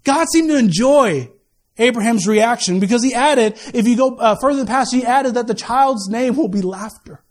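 Male pastor, high-pitched, preaching an animated sermon with humorous asides. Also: moderate pace. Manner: animated preaching with asides and laughter, swinging from loud to quiet.

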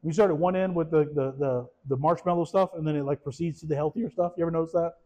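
Male pastor, warm and soft in tone, preaching in a chatty, lively way with questions to the room. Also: a little high, quick pace, rough recording. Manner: animated, repeats words, asks the room questions. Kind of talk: conversational sermon.

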